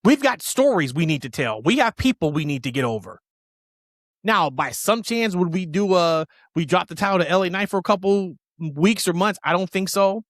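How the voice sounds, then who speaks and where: A man co-hosting a casual wrestling podcast, opinionated and emphatic, rushing through tangents. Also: sits high, lively intonation, dry recording, clean studio sound. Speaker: podcast co-host.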